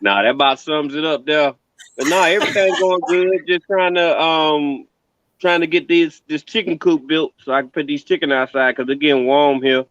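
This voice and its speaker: A man chatting casually as a guest on a live stream, telling stories in a laid-back, unhurried way. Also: on the high side, a bit bright. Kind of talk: casual chat.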